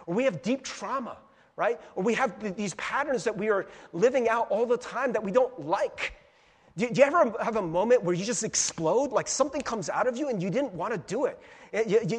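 A high, lively male pastor with a husky edge, preaching in a chatty, animated way that jumps into little acted-out inner voices. His voice rings with the long reverb of a church hall. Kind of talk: sermon.

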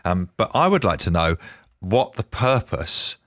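Man, radio co-host, deep voice, dry studio, hesitant and self-deprecating. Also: sing-song, measured pace, fairly bright tone, no echo. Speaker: radio breakfast show co-host. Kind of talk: live talk radio banter.

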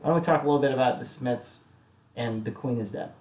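A man co-hosting a casual music podcast, laid-back and quick to laugh, with hesitant trailing phrasing. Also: medium pitch, a little mellow, echoey room. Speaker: podcast co-host. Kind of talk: casual chat about music.

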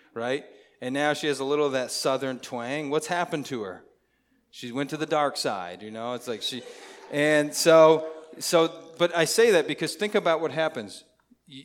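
A man delivering a sermon with a mid-range voice. He talks in a relaxed, conversational way and keeps putting questions to the congregation. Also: medium pitch. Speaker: pastor.

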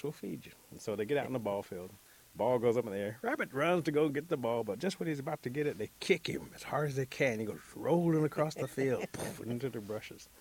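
A man telling a traditional story as a guest, in a relaxed, animated way. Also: medium pitch.

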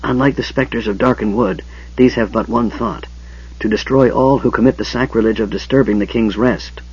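A gaunt, secretive young mage hisses his words in a husky, breathy whisper, as a male narrator puts him on. The recording is dull and lo-fi, like an old audiobook tape. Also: fairly low pitch, fairly even intonation, moderate pace, darkish tone. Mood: frantic.

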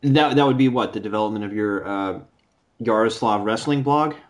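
A young man co-hosting a casual comedy podcast, firing off dry, sardonic quips in a flat, deadpan way. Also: fairly low pitch, normal speed. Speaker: podcast co-host.

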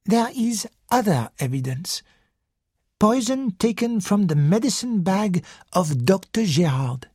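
Poirot, a quiet gentle detective, read aloud. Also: mid-range voice, sing-song, slightly rough, no room sound, studio quality, pitched above the performer's own voice. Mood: quiet, probing. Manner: quiet, measured. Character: calm, gentle older male detective. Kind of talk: audiobook character reading.

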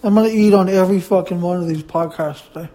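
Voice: mid-range voice, fast, dark tone. A podcast host rambling through a blunt, profane solo movie review while eating.

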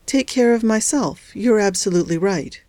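A woman's voice: mid-range voice, moderate pace, warm tone, no room sound, studio quality, lightly acted. A woman reading as a bitter, frightened wife. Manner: bitter, resentful. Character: bitter, frightened young wife at a hospital bedside. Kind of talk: audiobook character voice.

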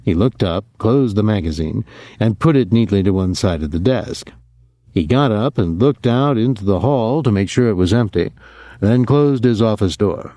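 A man reading a novel aloud in steady audiobook narration on a close mic. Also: on the low side, moderate pace, no room sound.

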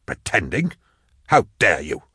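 Male narrator as a haughty, deluded inquisitor, low, dry recording. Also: huge pitch swings, a little slow, sharp tone, breathy edge, no echo, full character voice. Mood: haughty, indignant. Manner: haughty, indignant. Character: deluded, proud male ex-inquisitor, stubborn and drinking. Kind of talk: audiobook character voice.

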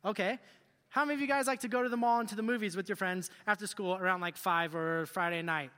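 A male youth pastor preaching a sermon in an animated, joking way, asking the group questions. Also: high-pitched, fast talker, long reverb tail. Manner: animated, jokey, asks the crowd questions.

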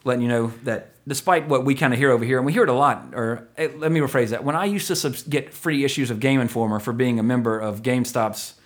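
A man's voice: mid-range voice, fast talker, hardly any pauses. A man hosting a podcast in casual chat, rambling and joking, often correcting himself mid-sentence. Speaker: podcast host.

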